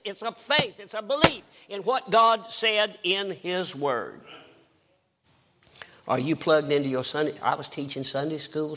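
In a high, bright, forceful voice, an older Southern American evangelist preaches fervently about his conversion. His sermon rises into emphatic outbursts.

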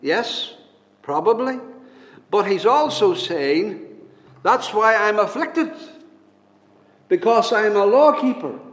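A man preaching a sermon in an earnest, emphatic way, drawing out the scripture quotes slowly. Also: high-pitched, in a large hall.

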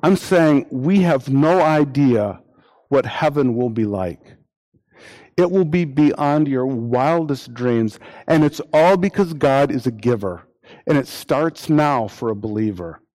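A man preaching a sermon, repeating phrases for emphasis and acting out imagined quotes in lively voices. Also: mid-range voice, slow.

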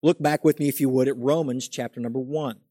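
A man preaching a sermon, reading scripture aloud slowly and then building to animated emphasis. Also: medium pitch, no echo, studio quality.

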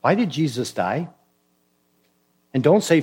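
A man's voice: a little high, big pitch swings, a little slow, darkish tone, breathy edge. Emphatic man preaching a sermon. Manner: questioning, emphatic, acts out dialogues. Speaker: pastor.

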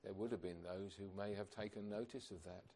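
A man's voice: on the low side, steady tone, brisk, warm tone, a little hiss or hum. A man preaching a sermon, earnest and emphatic, asking rhetorical questions of his congregation.

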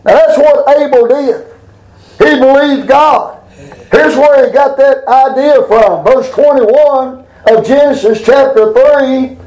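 A preacher man, older, with a voice pitched unusually high. He preaches in a folksy, colloquial way and stretches scripture out slow and emphatic. It's a down-home sermon delivered from the pulpit. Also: a little mellow, echoey room, rough recording.

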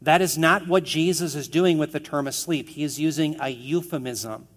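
A man's voice: on the high side, normal speed, a bit bright. A man preaching an expository sermon, earnest and emphatic, asking the listeners questions as he goes. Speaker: pastor.

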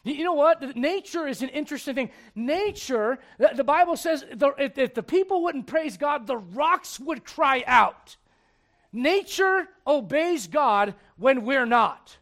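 A man preaching a casual storytelling sermon, joking and chatty, dropping to a hush and then rising loud. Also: very high-pitched, expressive, measured pace. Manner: conversational, joking, swings from hushed to loud. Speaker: pastor.

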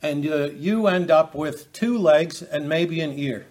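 Halting man teaching scripture. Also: on the high side, a little mellow. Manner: halting, many fillers and restarts. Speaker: preacher. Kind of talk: expository Bible teaching.

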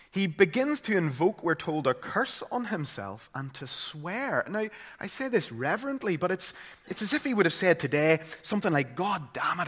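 With a Northern Irish accent and a voice that sits high, a man preaches a sermon. He shifts from loud, dramatic emphasis to hushed, solemn tones.

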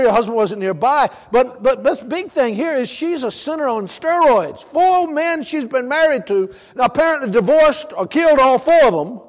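High-voiced Southern preacher in a reverberant hall. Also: male voice. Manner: emphatic, counts points off, asks the congregation questions. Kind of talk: sermon. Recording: long reverb of a large hall.

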